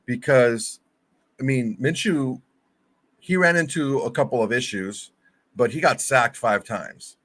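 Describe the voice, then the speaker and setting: A man's voice: medium pitch, unhurried, a bit bright. A man co-hosting a casual fan sports podcast over a video call, rambling with restarts and fillers. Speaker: podcast co-host.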